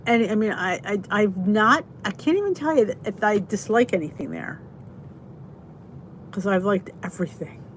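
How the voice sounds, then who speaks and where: A woman hosting a casual live stream, chatting in a rambling, easygoing way and breaking off to greet her viewers. Her voice sits at an ordinary middle pitch. A faint hum of noise is heard behind her. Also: animated, moderate pace. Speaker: host of a live stream chat.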